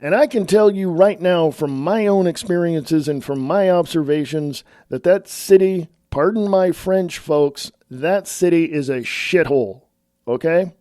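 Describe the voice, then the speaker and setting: A man's voice: fairly high pitch, measured pace, darkish tone, no echo, studio quality. A middle-aged man from California, giving a blunt, opinionated, casual political rant to the camera and calling his listeners "folks.". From California, USA. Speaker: online commentator.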